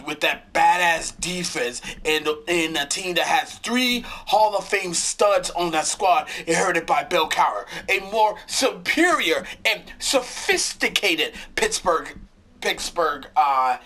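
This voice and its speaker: A man's voice: a little high, bright, forceful tone. A man ranting angrily about his football team, swearing often, repeating himself and tripping over his words. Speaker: sports fan vlogger. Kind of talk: angry football rant.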